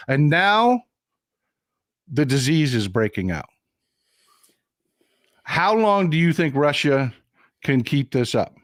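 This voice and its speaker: A male host chatting casually, telling stories in a rambling, animated way full of restarts. His voice sits a bit high. The sound is dry and close, with no room around it. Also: slow pace, pauses often, dry recording. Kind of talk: casual political chat.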